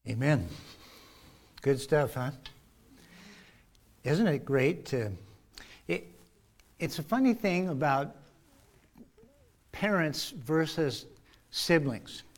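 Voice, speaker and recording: A pastor speaking to his congregation, conversational and earnest. He is a man with a somewhat high voice who talks through the church's partners in a plain, direct way. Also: animated, takes it slowly, long pauses. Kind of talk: church announcements.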